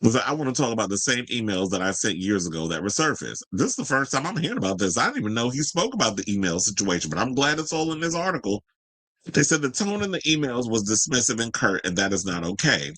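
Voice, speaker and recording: Very animated and quick-paced, a slightly bright-voiced man runs a celebrity gossip podcast, shifting from reading the news to sassy, profane, brash rants that jump to high exclamations. His commentary is unscripted, recorded roughly without echo.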